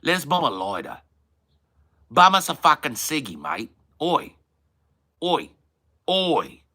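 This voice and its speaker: A man's voice: fairly high pitch, very animated, slow pace, voice pushed up, full character voice. A man doing a brash Australian bloke. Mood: pushy. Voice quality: loud, brash, clipped shouts. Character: rough, pushy adult male Australian bloke.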